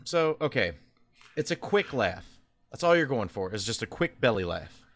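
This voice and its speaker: A man's voice: mid-range voice, very animated, moderate pace, fairly bright tone. A man co-hosting a casual gaming podcast, talking with strong opinions and lots of fillers. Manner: opinionated, rambling with many fillers. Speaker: podcast co-host. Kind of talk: casual chat.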